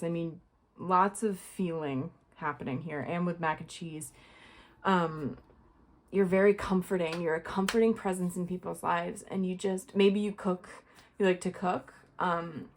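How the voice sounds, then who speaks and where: A young woman giving a casual tarot reading to her viewers, chatty and rambling, full of fillers and little laughs. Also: on the low side. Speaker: tarot reader.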